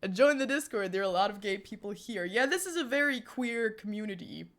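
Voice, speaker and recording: A woman's voice: medium pitch, animated, fairly quick. A young woman from Germany streaming live, chatting casually with viewers and laughing often as she answers them. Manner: giggly, chatty, answers chat with frequent laughter.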